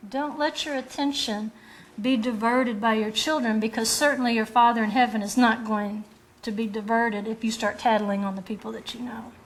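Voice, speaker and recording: A woman's voice: fairly high pitch, fairly even intonation, normal speed. A woman Bible teacher preaching a sermon in an earnest, direct way, asking rhetorical questions and acting out quoted lines. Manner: acts out quoted voices of children and rebels.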